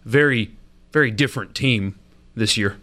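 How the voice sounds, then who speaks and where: A man co-hosting sports radio, giving measured, opinionated takes on teams. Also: on the low side, sharp tone. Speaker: radio co-host.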